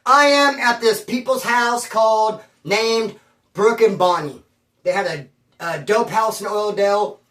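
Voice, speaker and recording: A man's voice: high-pitched, unhurried, fairly bright tone. Slangy guy rambling a story at home, roomy room, mic kinda far off. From Bakersfield area. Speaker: storyteller on his own channel. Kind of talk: casual storytelling.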